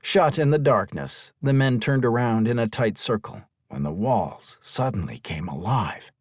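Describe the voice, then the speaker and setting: A man reading an audiobook as narrator, with expressive storytelling. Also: mid-range voice, measured pace, husky, no room sound, studio quality. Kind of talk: scripted narration.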